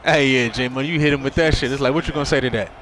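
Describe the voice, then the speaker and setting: A man's voice: mid-range voice, rapid-fire, a bit bright, soft background music. A man streaming a football video game, talking casually and bluntly with lots of slang and swearing while he scoffs at online opponents. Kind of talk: casual profane banter over gameplay.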